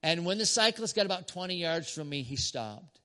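A man preaching as a pastor, telling a story to a congregation with emphatic pauses and short laughs. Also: on the high side, expressive, bright, forceful tone. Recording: long church hall reverb.

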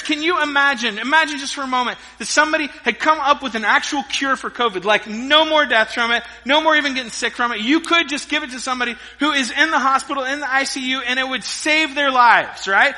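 A middle-aged man preaching a sermon, telling stories with lively energy and dropping between loud emphasis and quiet asides. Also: very high voice, fast, hardly any pauses. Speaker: pastor. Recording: long reverb of a large hall.

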